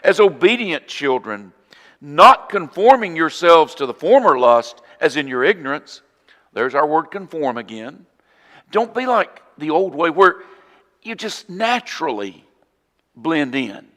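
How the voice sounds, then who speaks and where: A male preacher with a Southern US accent, his voice sitting a little high for a man. He preaches earnestly and with emphasis, then drops suddenly to a hushed tone. Each line trails into the long reverb of a church hall. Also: very animated, unhurried. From southern United States. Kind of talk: sermon. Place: church auditorium.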